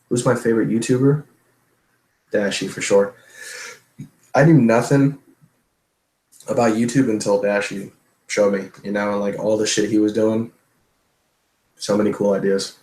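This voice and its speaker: A man's voice: fairly low pitch, steady tone, unhurried, pauses often, a little mellow, roomy sound, poor audio. A man streamer answering viewer questions in a loose, profane, chatty way. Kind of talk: casual livestream Q&A.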